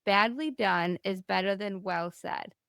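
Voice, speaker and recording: A woman hosting a podcast interview who reacts warmly and asks short questions. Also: medium pitch, a little slow, vocal fry, clear, resonant tone, dry recording, studio quality. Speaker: podcast host.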